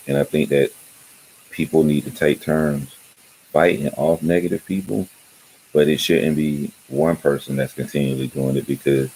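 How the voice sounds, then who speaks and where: Very deep-voiced man chatting casually. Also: dark tone, slight background noise, low-quality recording. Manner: loose, rambling, laughs often. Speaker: YouTube channel host. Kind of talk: casual livestream chat.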